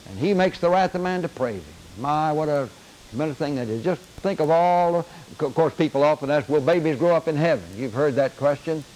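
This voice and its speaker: An older man leads a Bible class in an earnest lecture style. He repeats his key phrases for emphasis. His voice sits somewhat high for a man. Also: expressive, normal speed, a little mellow, slight background noise, rough recording. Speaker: Bible teacher.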